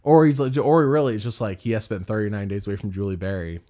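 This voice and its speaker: A man's voice: fairly low pitch, quick pace, warm tone. A man co-hosting a podcast in casual chat, rambling, laughing often and mimicking people he quotes. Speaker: podcast co-host.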